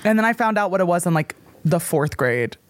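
Sassy young man, animated chatter. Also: high voice, fairly quick, no room sound. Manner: animated, sassy, lots of likes. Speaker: podcast guest. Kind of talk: casual podcast chat.

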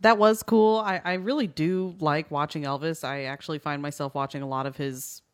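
Soft-spoken woman radio producer. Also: deep voice, steady tone, normal speed. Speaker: executive producer. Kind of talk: casual talk radio banter.

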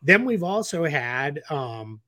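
Male podcast analyst, bright and forward voice, talks in loose rambling restarts. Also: fairly high pitch, sing-song, slow, no room sound. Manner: rambling, frequent restarts and fillers. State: getting the hiccups. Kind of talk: casual basketball podcast talk.

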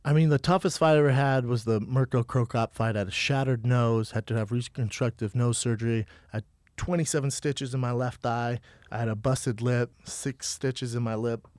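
A man's voice: medium pitch, fairly even intonation, moderate pace, a little mellow, no echo. A middle-aged man chatting casually as a podcast guest, telling stories and acting out the dialogue. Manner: storytelling, acts out quoted dialogue, says "man" often. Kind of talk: casual chat.

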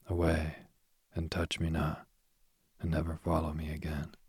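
A proud young man rebuffs an admirer with cold scorn, in a slow bedtime-story voice, as a man reads his lines. The tone is very deep and flat, husky and breathy. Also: no room sound, studio quality, heavily acted. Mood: scornful.

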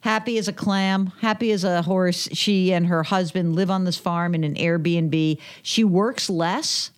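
Chatty storytelling woman, lowish voice. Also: unhurried, clear, resonant tone. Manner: chatty, acts out quoted dialogue, many fillers. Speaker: guest, personal finance author. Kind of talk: conversational podcast storytelling.

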